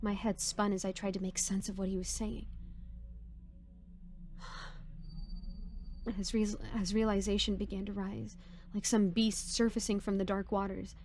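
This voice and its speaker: A woman narrating a horror story in a hushed, shaken first-person telling. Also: mid-range voice, little pitch movement, unhurried, pauses often, faint music behind.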